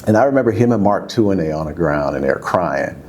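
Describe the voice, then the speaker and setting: Animated man telling locker-room stories. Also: fairly quick, slight background noise. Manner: animated, rises high when excited, casual slang. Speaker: former football player, interview guest. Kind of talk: candid conversational storytelling.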